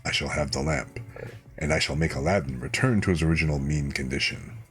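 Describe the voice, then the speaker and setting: A man's voice: very deep voice, brisk, a bit bright, soft background music. A man voicing a scheming old male sorcerer who gloats and cries out his wares. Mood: gloating.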